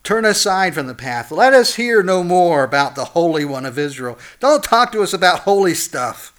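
Impassioned man preaching, higher voice. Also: big pitch swings, moderate pace. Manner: impassioned, voice climbing high and loud on warnings then dropping low and soft. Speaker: pastor. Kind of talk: sermon with scripture reading.

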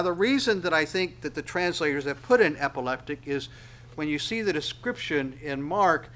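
Impassioned preacher man, rising to loud peaks. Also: fairly high pitch. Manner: explains word by word, asks listeners to underline. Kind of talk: expository sermon.

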